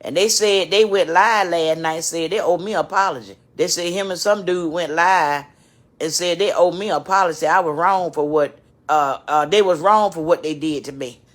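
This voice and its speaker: A tearful woman vlogger speaks straight to her channel's viewers in an emotional live-stream rant, repetitive and preachy. Her voice is on the low side at a normal speed.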